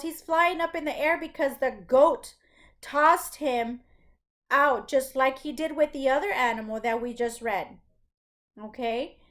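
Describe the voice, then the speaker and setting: A woman's voice: sits high, a bit bright. A woman teaching first grade, reading a story aloud and patiently explaining it to young children. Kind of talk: classroom read-aloud lesson.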